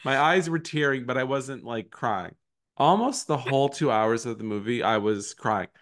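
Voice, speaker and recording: A man's voice: mid-range voice, moderate pace, a bit bright. A man co-hosting a podcast in casual chat, self-deprecating and laughing often. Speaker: podcast co-host.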